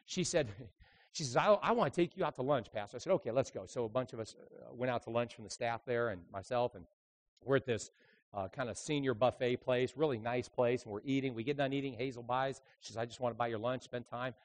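A man, a traveling evangelist, preaching a sermon full of lively stories, dropping to quiet asides and then rising into loud, emphatic bursts. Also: medium pitch, fairly quick. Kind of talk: sermon with storytelling.

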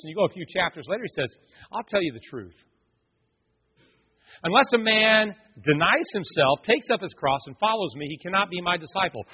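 High-voiced man preaching in a hall. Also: breathy edge. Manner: animated preaching, dramatic quoted voices. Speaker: pastor. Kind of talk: sermon. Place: church sanctuary. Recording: muffled, long hall reverb.

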